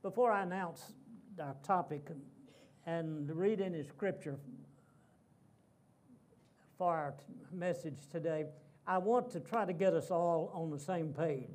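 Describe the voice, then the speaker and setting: A man's voice: on the high side, a little slow, long pauses, a little mellow. A man giving a sermon as a guest preacher in a church, telling a story dramatically and repeating key phrases.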